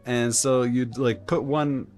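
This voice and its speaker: A man live-streaming a game, telling a rambling story in an animated, casual way with lots of filler words. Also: medium pitch, takes it slowly, music in the background. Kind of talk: live-stream gameplay chat.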